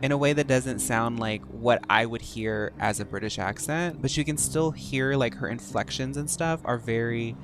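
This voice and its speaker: A man's voice: medium pitch, normal speed, few pauses, background noise. An American man streaming a game and chatting casually, rambling with lots of fillers. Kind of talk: casual gameplay commentary. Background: game music.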